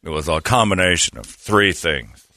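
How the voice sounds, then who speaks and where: Deep-voiced man telling a rambling comic story. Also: lively intonation, normal speed, heavy background noise. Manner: rambling, self-interrupting, laughs at own jokes. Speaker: radio show host. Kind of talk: comedic storytelling banter.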